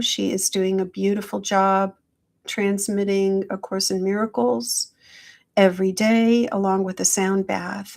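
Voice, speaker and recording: A middle-aged woman hosting a casual live-stream check-in, speaking slowly and gently to her viewers through a phone. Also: medium pitch, creaky. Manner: slow, gentle, affectionate, greets viewers by name. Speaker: hypnotherapist livestream host.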